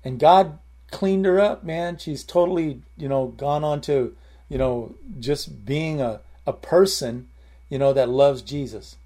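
A man's voice: a little high, measured pace, mellow. A man preaching informally, telling a story in a rambling way and often repeating his words.

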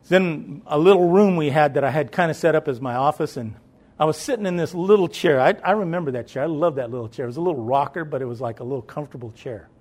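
A man's voice: a little high, fast, darkish tone. A middle-aged man preaching a sermon in an emphatic, repetitive, conversational way.

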